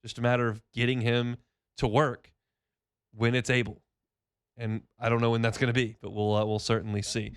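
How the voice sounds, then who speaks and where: A man's voice: medium pitch, little pitch movement, moderate pace, clear, resonant tone, no echo, clean studio sound. A man hosting a sports radio show, talking casually with wry, self-mocking asides.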